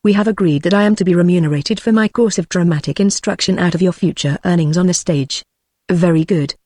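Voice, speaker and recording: A text-to-speech woman's voice with a British English accent, reading a classic novel aloud at a steady, measured pace without voicing the characters. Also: on the low side, no echo, studio quality. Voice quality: synthetic, evenly paced. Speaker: audiobook narrator.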